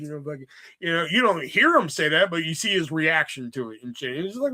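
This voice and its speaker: A man's voice: high-pitched, big pitch swings, fast, pushed and bright. A man streaming live, rambling in a casual, exasperated rant full of swearing. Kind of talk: casual profane livestream rant.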